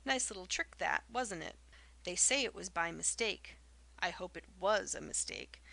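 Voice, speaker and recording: A spiteful old village gossip, as a woman reader puts her on, hurls loud derisive remarks in rustic dialect. Her voice is gravelly with a sharp, bright edge. It is an audiobook reading of a storybook scene. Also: fairly low pitch, lively intonation, moderate pace, exaggerated voice.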